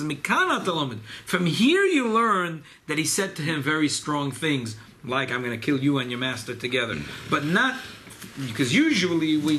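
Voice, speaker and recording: A man teaching a Torah class to a small gathering, animated and emphatic, sprinkling in Hebrew and Yiddish terms. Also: on the high side, a little hiss or hum. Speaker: rabbi leading a study gathering.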